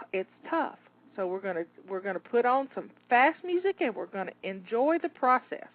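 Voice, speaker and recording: Slightly breathless and fairly high-pitched, a woman coaches listeners live through a timed cleaning session as a home organizing coach. She stays upbeat and encouraging as she guides them through tasks, on a dry, echo-free, tinny phone-like line.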